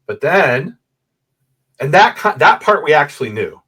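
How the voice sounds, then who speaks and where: A man's voice: fairly high pitch, unhurried, breathy edge. A man explaining his research as a guest scholar in a conversation, speaking over a video call and often checking in with "right?". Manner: animated, explains step by step with frequent "right?" checks. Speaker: guest, Bible manuscript scholar. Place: room with a bookshelf photo backdrop.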